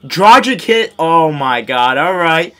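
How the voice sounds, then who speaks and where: A young man giving excitable live commentary on his own basketball video game, scolding his teammates and mocking himself. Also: fairly high pitch, takes it slowly. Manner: excitable, yells and laughs at big plays. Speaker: gaming YouTuber.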